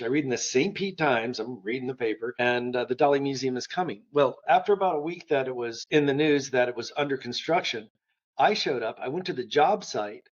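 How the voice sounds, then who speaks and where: A man's voice: mid-range voice, no echo. An older man, a guest art historian, telling enthusiastic stories in an interview and acting out the dialogue in them. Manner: enthusiastic anecdotes, acts out dialogue. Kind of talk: storytelling interview. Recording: slightly dull lo-fi sound.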